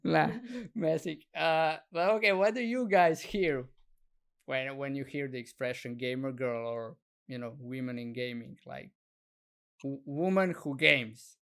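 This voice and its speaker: A man's voice: medium pitch, unhurried, vocal fry, fairly bright tone, smooth. A man hosting a podcast in casual chat, laughing often and leaning on "you know" as he talks. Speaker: podcast host.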